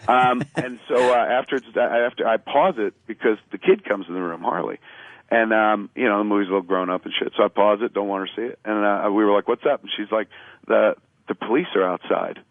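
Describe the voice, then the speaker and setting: A man's voice: lowish voice, a little fast, dry recording. A man telling a loose, profane story as a radio show guest, acting out what each person said, with plenty of filler words. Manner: animated storyteller acting out quoted lines. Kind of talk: casual anecdote on a radio talk show. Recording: narrow phone-like radio sound.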